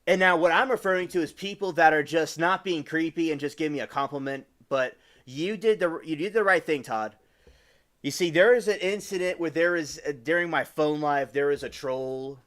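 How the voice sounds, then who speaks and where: Young male streamer, slightly high voice, rambling casual chat with viewers. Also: normal speed, a bit bright. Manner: rambling and chatty, with many restarts; addresses chat viewers by name. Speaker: live streamer.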